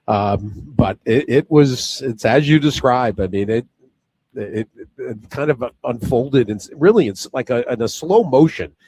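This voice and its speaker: A man hosting a radio show, chatting casually in a halting way with many fillers. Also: fairly low pitch, darkish tone.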